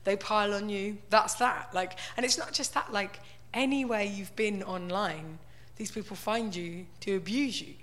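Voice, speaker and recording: A woman's voice: mid-range voice, normal speed, a bit bright. A woman giving a wry, conversational stand-up style talk full of "like" and "right?". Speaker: comedian.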